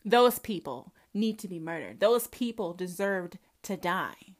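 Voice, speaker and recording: A commentator from the Southern United States, this woman with a Southern American accent rants to camera about religion, profanely and combatively, asking rhetorical questions throughout. Her voice is fairly low with lively intonation, and she speaks a little slowly.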